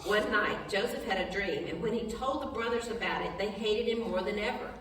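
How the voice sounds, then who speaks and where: Heard from far off in a reverberant hall, a woman of medium pitch reads Bible passages aloud and breaks them down in everyday, conversational terms. Her talk has restarts and quick laughs, and she slows and softens in prayer; there's a faint hiss or hum.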